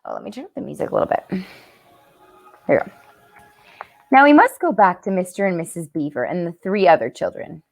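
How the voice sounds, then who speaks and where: Lady reading bedtime story at home at night, lively up and down voice, chatty. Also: on the low side, fairly quick, creaky, pauses often, faint music behind. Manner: chatty, warm asides between read passages. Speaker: camp storyteller.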